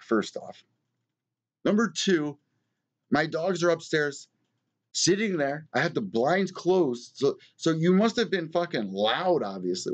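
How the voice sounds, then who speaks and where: A man's voice: on the high side, animated, a little slow, dull audio. A man hosting a live-streamed fight news show from his small apartment, ranting and swearing a lot in casual commentary. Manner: profane, heated ranting. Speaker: MMA news show host.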